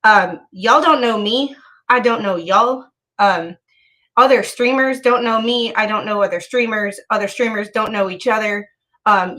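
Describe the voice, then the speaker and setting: A young woman talks casually on a home livestream, blunt and salty, with plenty of ums and restarts. She sounds a little out of breath, and her pitch sits mid-range. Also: fairly bright tone. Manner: frank, profane, many ums and restarts. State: slightly out of breath. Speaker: live streamer.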